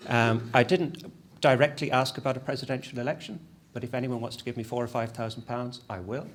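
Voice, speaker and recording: A man giving a conference presentation as an academic, lively and self-deprecating, with frequent restarts. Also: medium pitch, brisk, background noise.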